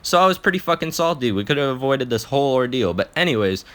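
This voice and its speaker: A man's voice: mid-range voice, very animated, fast, fairly bright tone. A young man telling an embarrassing personal story in a casual, profane vlog, often restarting his sentences.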